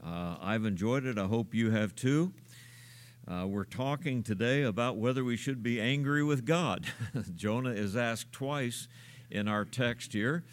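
A man delivering a sermon in a steady middle-pitched voice. He preaches unhurriedly, pausing on filler sounds and posing questions to his listeners. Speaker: pastor.

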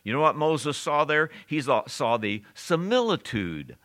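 A man preaching an expository sermon, slowing down to stress the scripture he quotes and turning to the congregation with asides. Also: fairly high pitch, very animated, fairly bright tone.

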